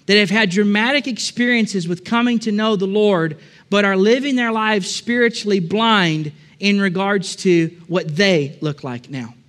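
Male preacher, high voice, conversational sermon building to emphatic repeated phrases. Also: fairly bright tone. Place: church with a balcony.

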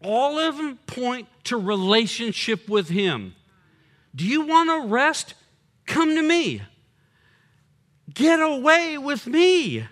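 An older man, a pastor preaching a sermon, swinging between loud punchy lines and quiet low drops. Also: very animated, slow.

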